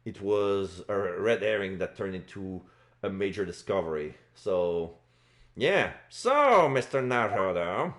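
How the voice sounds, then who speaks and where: A man's voice: low-pitched, fairly even intonation, measured pace. A man casually commenting on a game while streaming live, rambling with fillers. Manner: casual, lots of fillers and restarts.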